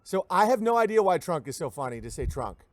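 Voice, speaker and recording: A man hosting a livestream, reading viewer messages and riffing on them in an animated, rambling, mocking way. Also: high-pitched, a little fast, no echo. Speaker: livestream host.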